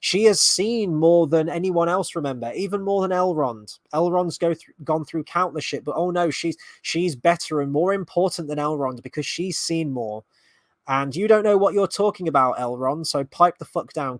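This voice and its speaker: Man, slightly high pitch, exasperated sarcastic reactor, casual and profane; dry, dead sound. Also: dry recording. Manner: sarcastic, exasperated, swears often. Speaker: fan reaction host.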